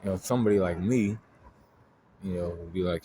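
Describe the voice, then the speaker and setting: A man's voice: low-pitched, brisk, mellow, slight background noise. A man hosting an astrology video, talking in a loose, rambling way, full of fillers and swearing. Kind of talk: casual spoken monologue.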